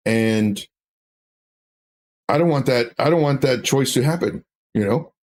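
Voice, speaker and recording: A man's voice: medium pitch, measured pace, darkish tone. A man doing a casual livestream, rambling through chart talk and personal stories as a crypto trading educator.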